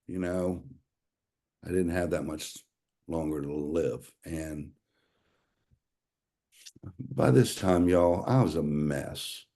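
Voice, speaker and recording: A man's voice: low voice, a little mellow. A man, earnestly telling his own story to an audience and calling them y'all. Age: 60s. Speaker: speaker sharing a health testimonial. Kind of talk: personal testimony to an audience.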